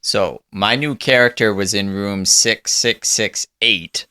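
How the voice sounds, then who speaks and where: A man describes his new character in a tabletop role-playing game, his voice very low yet bright and smooth. The sound is dry and close, and he talks in a slow, drawn-out way. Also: dry recording. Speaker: player.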